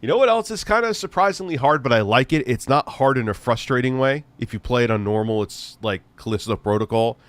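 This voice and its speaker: A man hosts a casual livestream in a middle-pitched voice. He rambles, restarts his sentences, and keeps throwing in crude, profane jokes. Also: animated, a little fast, hardly any pauses, dry recording. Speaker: livestream host.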